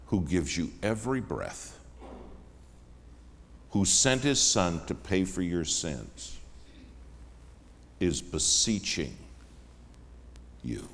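A man preaching a sermon as a guest in a church, emphatic, swinging between hushed and raised lines. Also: low voice. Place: church sanctuary. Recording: long reverb of a church hall.

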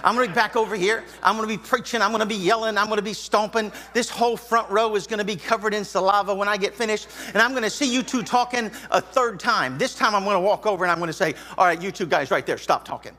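Bright-voiced pastor preaching. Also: male voice, sits high, fast talker, hardly any pauses. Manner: folksy, joking asides to the congregation. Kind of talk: sermon. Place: church auditorium.

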